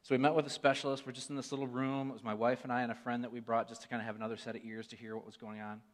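A man in his forties giving an earnest sermon testimony, moving between hushed and emphatic delivery. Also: medium pitch, little pitch movement, rapid-fire. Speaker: church speaker sharing a testimony. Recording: long reverb of a large hall.

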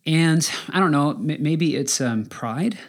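A man's voice: on the high side, lively intonation. Man preaching a conversational sermon. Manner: earnest, conversational, with pauses and restarts. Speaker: pastor.

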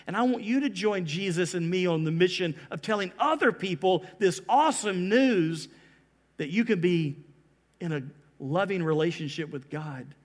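A man preaching a sermon as pastor, slowing down and lifting his voice to stress key phrases. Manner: animated preaching, slows down for emphasis and rises in pitch.

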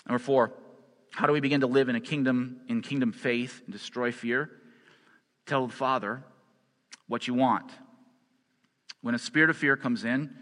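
A man's voice: mid-range voice, pushed and bright. A male pastor preaching a sermon, stressing his points by repeating phrases. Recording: long hall reverb.

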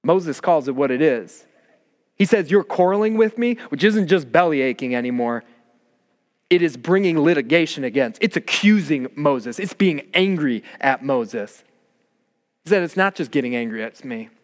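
A man's voice: medium pitch, lively intonation, moderate pace, in a large hall. A man preaching a sermon as pastor, earnest and rising in emphasis.

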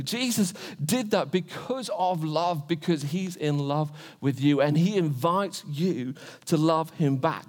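A man's voice: high-pitched, husky. A man in his twenties preaching a sermon, earnest, asking rhetorical questions again and again. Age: 20s.

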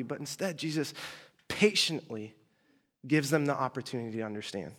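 A man's voice: fairly high pitch, a little fast, a bit bright. Slangy, chatty young-sounding preacher man. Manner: chatty and slangy, with asides and mock exasperation. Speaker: preacher teaching a group. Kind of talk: casual storytelling sermon.

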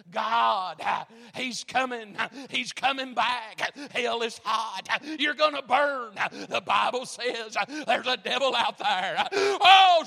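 A middle-aged male pastor preaching in a church, telling stories with animated, self-mocking energy. His voice sits high and bright. A long reverb from the sanctuary trails his words. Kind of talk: sermon.

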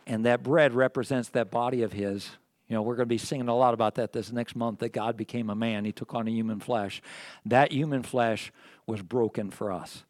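A male pastor giving a sermon in a church, talking in a plain conversational way with many restarts. He gets loud and high when he stresses a point and goes quiet when he reflects. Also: no echo, clean studio sound. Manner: earnest, conversational preaching with frequent restarts. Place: church sanctuary.

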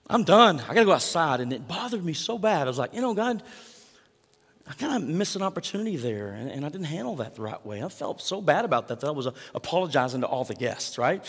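A middle-aged man preaching a sermon as pastor, telling stories in an animated way that swings from hushed to loud. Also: medium pitch, fast. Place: large church hall. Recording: long hall reverb.

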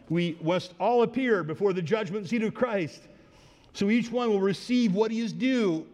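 Man preaching, earnest sermon, fairly high voice, long reverb from a church sanctuary. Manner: earnest, drops low and soft for quoted words, rises for exhortation. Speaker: pastor.

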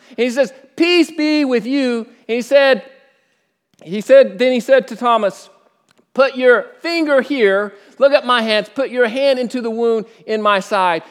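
A man preaching a sermon, reading scripture dramatically with sudden rises and hushed drops. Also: high voice. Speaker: pastor. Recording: echoey hall.

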